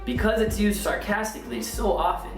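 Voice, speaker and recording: A man teaching an online English lesson, speaking clearly and upbeat, with practice prompts. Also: high voice, fairly quick. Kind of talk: video language lesson. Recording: roomy distant sound with music.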